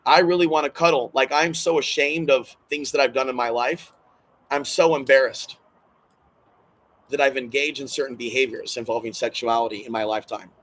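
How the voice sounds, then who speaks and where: A man's voice: mid-range voice, fairly even intonation, normal speed, fairly bright tone, rough recording. A man talking alone to his camera in a rambling vlog monologue, agitated and emotional, repeating himself and swearing, sounding distressed and hurt. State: distressed and hurting. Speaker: channel host.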